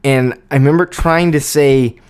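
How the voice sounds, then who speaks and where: A young man co-hosting a podcast, telling a story in casual chat, animated and laughing as he acts out what people said. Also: mid-range voice, normal speed, smooth. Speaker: podcast co-host.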